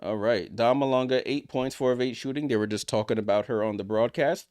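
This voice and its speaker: A man streaming a live basketball watchalong, calling the play-by-play and chatting to his viewers, getting louder and higher on big plays. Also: fairly quick, hardly any pauses, clean tone, no room sound, studio quality.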